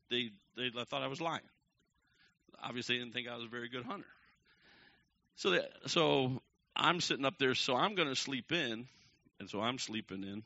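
A man telling a long personal story to a crowd from the pulpit, acting out each quoted person with sudden jumps in pitch and loudness. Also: no echo. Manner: animated, acts out the quoted people with big jumps in pitch and loudness. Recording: dull lo-fi recording.

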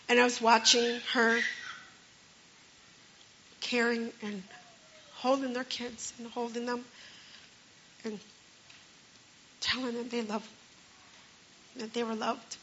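Woman, earnest halting testimony, gravelly voice, dull lo-fi sound. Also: on the high side, fairly bright tone, a little hiss or hum. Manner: earnest and halting, with many restarts. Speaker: storyteller sharing a personal testimony. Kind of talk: personal testimony, spoken story. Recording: dull lo-fi recording.

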